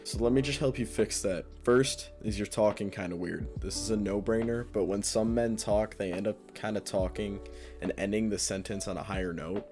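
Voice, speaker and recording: A man's voice: on the low side, brisk, darkish tone, faint music behind. A man giving blunt, offhand dating advice in a casual monologue.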